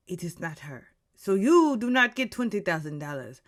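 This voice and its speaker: A woman's voice: lowish voice, big pitch swings, normal speed. A woman voicing a stern, formal man who hands down a verdict in a clipped, stiff put-on accent.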